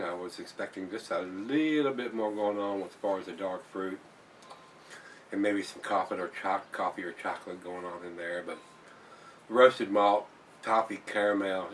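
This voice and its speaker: Blunt, slightly low-voiced man reviewing beer. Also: moderate pace, fairly bright tone, distant mic, slight background noise. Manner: blunt, swears when annoyed, repeats himself. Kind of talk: casual beer review vlog.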